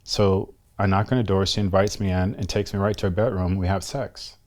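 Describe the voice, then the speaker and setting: A middle-aged man from the United States, a guest telling a personal story in a halting, reflective way. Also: sits low, fairly even intonation, a little mellow. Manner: halting, reflective, slows down often.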